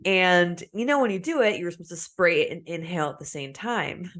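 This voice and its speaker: A woman's voice: lowish voice, brisk. A young woman co-hosting a podcast, telling a story with lots of laughter and acted-out voices. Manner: animated storyteller, acts out voices, laughs often. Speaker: podcast co-host. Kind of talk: casual chat.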